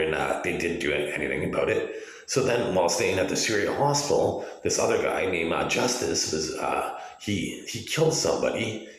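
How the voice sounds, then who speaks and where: A man in his forties giving an agitated, profane, rambling monologue, full of restarts. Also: low-pitched. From Canada. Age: 40s. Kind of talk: ranting video monologue. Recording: very echoey room.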